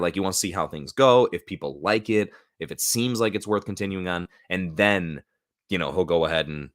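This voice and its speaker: A man's voice: low voice, fairly bright tone, dry recording, studio quality. An American man hosting a casual live stream, rambling loosely with lots of fillers. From United States. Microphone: new studio mic.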